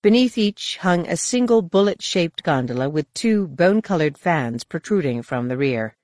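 A woman narrating a novel as an audiobook in a steady, even storytelling manner. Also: fairly low pitch, moderate pace, no room sound. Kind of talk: scripted narration.

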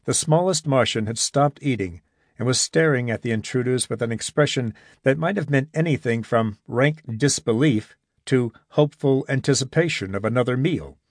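A man narrating a story in a measured, even reading voice. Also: medium pitch, no echo, clean studio sound. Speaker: audiobook narrator. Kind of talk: scripted narration.

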